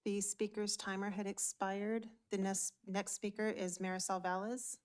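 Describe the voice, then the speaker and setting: A woman's voice: medium pitch, level tone, moderate pace, smooth. A woman chairing a city council meeting, formally calling up public speakers. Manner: formal, procedural.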